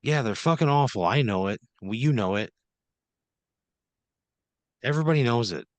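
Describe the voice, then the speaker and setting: A man co-hosting a comedy podcast, complaining in an exasperated, profane deadpan. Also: mid-range voice, moderate pace, dry recording. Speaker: podcast co-host. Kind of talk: improvised comedy.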